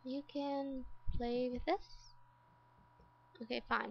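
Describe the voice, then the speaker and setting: A woman's voice: fairly high pitch, slow pace, vocal fry, highs cut off. A woman giving casual gameplay commentary as a let's play host, exasperated and talking to the game characters.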